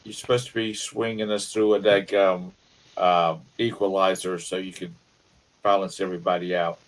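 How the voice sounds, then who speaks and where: A man with a fairly low voice chats on a live stream. He sounds easygoing and laughs easily as he talks. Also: flat delivery, normal speed, slight background noise, rough recording. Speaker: co-host. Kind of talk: casual live-stream chat. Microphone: desk mic.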